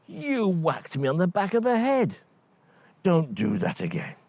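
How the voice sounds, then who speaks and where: A man's voice: high voice, huge pitch swings, unhurried, darkish tone, dry recording, pitched above the performer's own voice, full character voice. A man voicing two huge, dim male giants bickering in a storybook tale. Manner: blustering, bickering.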